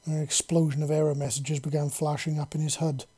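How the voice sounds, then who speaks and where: A man reading a story aloud in a steady, plain narrating manner. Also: on the high side, a little fast, breathy edge. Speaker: audiobook narrator.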